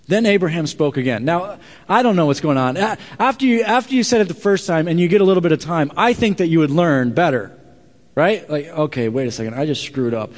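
A man preaching a sermon, telling a scripture story with lively acted-out dialogue and quieter earnest asides. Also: a little high, fairly quick. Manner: animated storytelling, acts out dialogue loudly then drops to quiet earnest asides. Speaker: pastor. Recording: long reverb of a large hall.

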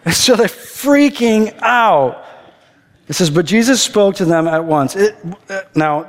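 A man preaching a conversational sermon, animated and playful, acting out the people in the story. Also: high-pitched. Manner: animated, conversational, acts out characters' lines. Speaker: pastor. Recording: long reverb of a big hall.

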